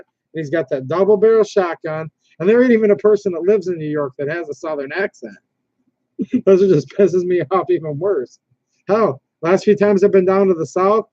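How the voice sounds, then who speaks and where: A man with a slightly high but mellow voice hosts a casual livestream. He rambles, reads viewer comments aloud and keeps restarting his sentences. The sound is dry and dull, like lo-fi stream audio. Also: dry recording. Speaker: livestream host.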